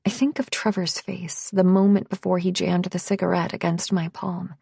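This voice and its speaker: A woman narrating a first-person thriller audiobook in a hushed voice that often drops to a whisper. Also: lowish voice, little pitch movement, normal speed, creaky, breathy edge, no room sound.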